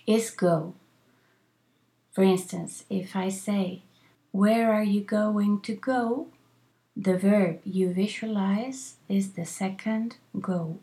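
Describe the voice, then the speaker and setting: A woman teaching an English grammar lesson, speaking slowly and repeating example phrases so learners can practise them. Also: mid-range voice, darkish tone.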